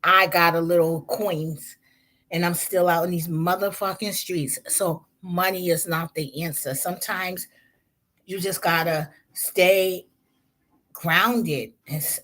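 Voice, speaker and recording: A woman's voice: fairly low pitch, steady tone, slow, fairly bright tone. A woman hosting a vlog, giving blunt, slangy, profane commentary on celebrity drama. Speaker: vlog host.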